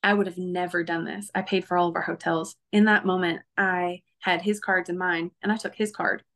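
A woman's voice: on the low side, steady tone, a little fast, fairly bright tone. A woman guest recounting her testimony in an interview, earnest and emotional, with many fillers.

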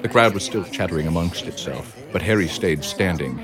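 A man narrating a children's storybook with a steady, expressive read. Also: low voice, brisk, hardly any pauses, over music.

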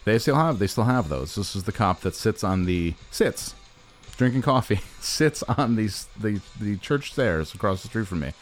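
A male podcast co-host rambling through stories in loose, jokey chat. His pitch swings widely as he talks, with faint music behind. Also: expressive, normal speed. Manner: rambling, jokey, jumps into silly voices. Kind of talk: casual comedic chat.

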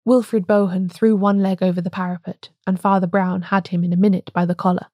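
A woman reads a classic detective story aloud at a steady, unhurried pace, like an audiobook. Her voice is mellow and warm. The recording is dry and close, with no room sound. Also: lowish voice, dry recording. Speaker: podcast host and narrator.

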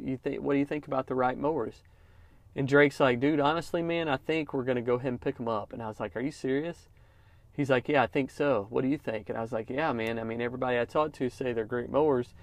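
A man's voice: mid-range voice, no room sound. Guy rambling through a story on his podcast, chill and encouraging, dry close mic. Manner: storytelling, encouraging, says "man" often. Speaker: podcast host, lawn care business owner. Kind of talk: casual motivational podcast talk.

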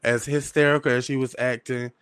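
A man's voice: medium pitch, little pitch movement, fairly quick, a bit bright, clear, resonant tone, no echo. Laid-back man on a dry mic. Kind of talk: casual gossip chat.

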